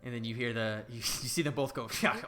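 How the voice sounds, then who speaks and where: Over a headset on a video call, a man runs the game as narrator, rambling freely with lots of fillers and quick laughs. He speaks a little fast in a mid-range, somewhat bright voice with fairly level intonation, plus a faint hiss or hum.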